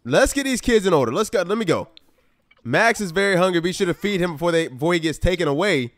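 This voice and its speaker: A high male voice moves at a quick pace with no echo. The speaker, a gaming YouTuber, plays through a life-simulation game with casual let's-play commentary, sounding animated and exasperated as he talks straight to his viewers, calling them "y'all."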